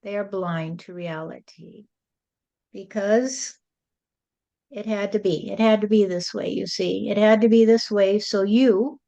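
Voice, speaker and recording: Slow, mellow woman in sing-song rhyme. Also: medium pitch, fairly even intonation, gravelly, muffled recording. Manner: slow, rhyming, sing-song preaching delivery. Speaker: spirit medium channeling a spirit. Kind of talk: channeled spiritual address.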